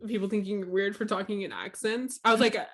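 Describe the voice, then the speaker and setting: A young woman co-hosting a podcast in casual conversation. Her voice sits in a mid range. She tells stories in a chatty way and laughs loudly. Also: mid-range voice, quick pace. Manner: chatty storyteller, loud laugh. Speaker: podcast co-host. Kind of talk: casual chat.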